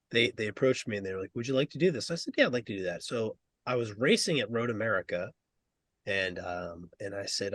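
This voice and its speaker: A man co-hosting a racing podcast, telling an animated anecdote in a casual chat. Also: fairly low pitch, no room sound. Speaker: podcast co-host, race judge.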